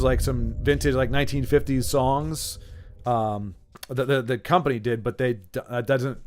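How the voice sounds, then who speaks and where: A man giving casual, chatty commentary while playing a card game, thinking aloud and going off on tangents. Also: medium pitch. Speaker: gaming YouTuber.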